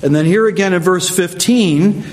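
Male preacher, expository sermon, conversational teaching tone, slightly high pitch. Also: normal speed, darkish tone. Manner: conversational, explanatory, with asides.

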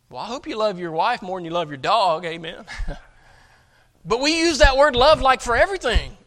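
A male pastor preaching with a high, bright, forceful voice. He is emphatic and stumbles into repeated words as he drives each point home. His delivery swings between loud stresses and quieter asides. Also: lively intonation, normal speed. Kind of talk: sermon.

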